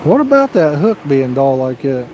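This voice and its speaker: A medium-pitched, very animated man hosts an outdoor fishing livestream at a moderate pace, with background noise audible. Speaking into a personal mic, he chats casually and spins a rambling, folksy joke packed with "you know."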